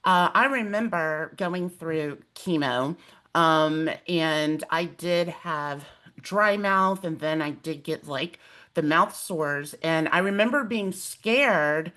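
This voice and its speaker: A woman hosting a webinar in a casual, animated way, telling a personal story with lots of fillers. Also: sits low, takes it slowly. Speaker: host.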